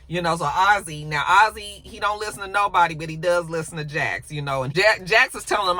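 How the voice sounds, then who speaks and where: A woman's voice: fairly low pitch, normal speed, hardly any pauses, no room sound. A woman recapping a TV episode in a casual, chatty and blunt way, with frequent asides. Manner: chatty, animated, blunt and profane. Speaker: TV recap YouTuber.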